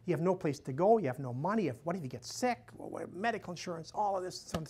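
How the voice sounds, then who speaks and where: A man's voice: sits high, animated, fast talker, warm tone, slight background noise. A male missionary priest talks to a room full of listeners in a loose, conversational way. He strings his points together as stories and often drops in "you know". When he quotes someone, he lifts his voice to act out the dialogue. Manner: chatty, storytelling, acts out quoted dialogue in a raised voice, frequent "you know". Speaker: missionary priest giving a talk. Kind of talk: conversational lecture to a live audience. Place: room with a live audience.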